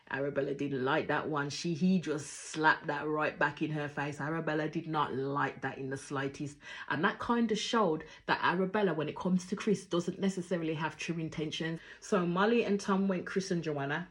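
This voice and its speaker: Brief: lower-voiced woman, flavoured, casual reaction commentary, opinionated, acts out lines big leaps. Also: moderate pace. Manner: opinionated, acts out quotes with big jumps in pitch and volume. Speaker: reality show reviewer.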